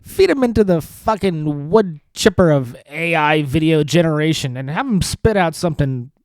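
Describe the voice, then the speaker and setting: A man rants through a solo comedy podcast monologue from a studio apartment, swearing freely and restarting his sentences. His sardonic delivery swings widely up and down in pitch. The sound is close and dry. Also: expressive, normal speed, a little mellow, no room sound. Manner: rambling, profane, sardonic, with many restarts. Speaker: podcast host.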